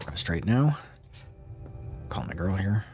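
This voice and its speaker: A man streaming a video game, giving relaxed, chatty commentary with dry asides and frequent fillers. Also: sits low, slow, over music. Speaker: gaming streamer. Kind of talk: casual gameplay commentary.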